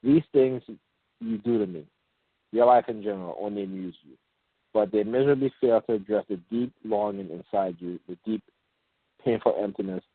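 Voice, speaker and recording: A man hosting a call-in show, explaining things in a rambling, halting way with many fillers and restarts, and reading example passages slowly. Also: on the low side, dry recording. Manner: reads example passages aloud in a slow, measured way. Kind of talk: casual talk on a phone call-in show. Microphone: phone. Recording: tinny phone line, dry.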